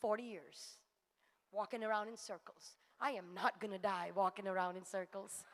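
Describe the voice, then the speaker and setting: A woman's voice: medium pitch, fairly even intonation, normal speed, long reverb tail, a little hiss or hum. A woman preacher delivering a fervent sermon to a congregation. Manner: fervent, rising to exhortation.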